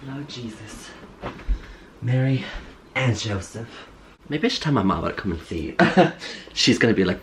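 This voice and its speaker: A young man vlogging casually from his bedroom, exclaiming and laughing a lot as he clears out his closet. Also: mid-range voice, unhurried, pauses often, a little hiss or hum. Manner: animated, exclamatory, laughs often. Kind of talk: casual chat. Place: bedroom at home.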